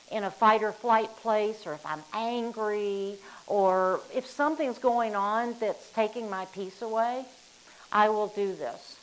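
A woman's voice: mid-range voice, rough recording. A woman leads a casual group session, talking in a loose, rambling, friendly way. She laughs easily and drifts off topic. A faint hiss sits under the recording. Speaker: workshop leader.

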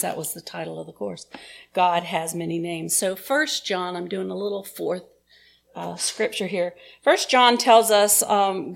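A woman's voice: medium pitch, vocal fry. A woman minister giving a sermon in a chatty, informal, self-deprecating way.

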